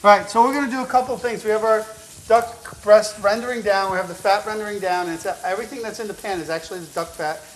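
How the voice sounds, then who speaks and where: A man's voice: sits high, fairly even intonation, fast talker, low-quality recording. A man hosting a cooking show, giving upbeat, chatty step-by-step instructions with an encouraging, teasing manner. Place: show kitchen at the stove.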